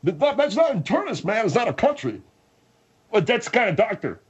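A man doing a husky high brash guest. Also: very animated, a little fast, highs cut off, full character voice. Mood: argumentative. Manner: argumentative, sloppy grammar.

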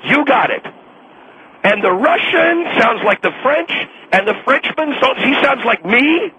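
A man's voice: very high voice, very animated, a little slow, sharp tone, a little hiss or hum, pitched above the performer's own voice, heavily acted, low-quality recording. A man voicing an irate middle-aged male radio station boss who scolds and rants in exasperation, in a radio comedy sketch. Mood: exasperated.

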